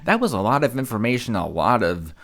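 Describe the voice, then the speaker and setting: Sarcastic man with a lively voice. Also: mid-range voice, a little fast. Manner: exasperated, sarcastic, mocking put-on voices. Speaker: reaction commentator. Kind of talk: casual reaction commentary.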